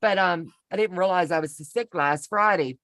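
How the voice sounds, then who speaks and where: Chatting casually from home on a video call, a sewing pattern walk-through co-host tells a rambling, folksy personal story with self-deprecating humor. She has a fairly low, fairly bright voice and a moderate pace.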